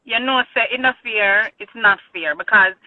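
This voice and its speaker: A woman's voice: a little high, normal speed, no echo. A Jamaican woman hosts a live relationship talk show. Her voice comes through a dry, tinny, phone-like line. She keeps pressing her guests, repeating each question until it gets an answer. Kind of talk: casual live-stream chat. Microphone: video call.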